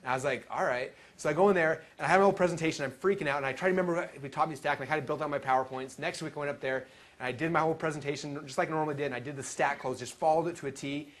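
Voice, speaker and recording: Fast-talking animated man giving a seminar. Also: fairly high pitch. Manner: animated storytelling, acts out quotes. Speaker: seminar speaker. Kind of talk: live seminar talk.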